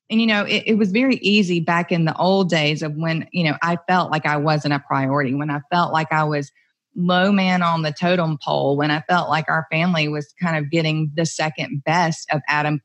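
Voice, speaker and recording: A woman guesting on a podcast, speaking about her marriage in a reflective, earnest way, thinking aloud as she goes. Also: lowish voice. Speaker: podcast guest, entrepreneur's wife. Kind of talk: conversational interview.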